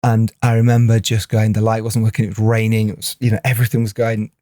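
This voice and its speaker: Lively man telling film stories. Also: on the low side, fast talker, dry recording, studio quality. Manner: animated storyteller, laughs often, restarts phrases. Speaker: podcast co-host and film director. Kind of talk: casual podcast chat.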